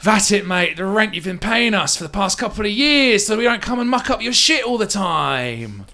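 A man's voice: high voice, animated, normal speed, vocal fry, pushed and bright, voice pushed up, exaggerated voice. A man voicing a cocky male halfling thug with a sneering, matey tone. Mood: menacing.

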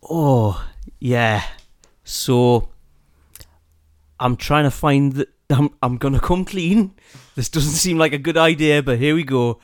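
A man's voice: mid-range voice, slow. A man playing in a tabletop game, hesitant and laughing as he decides his moves. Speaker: player.

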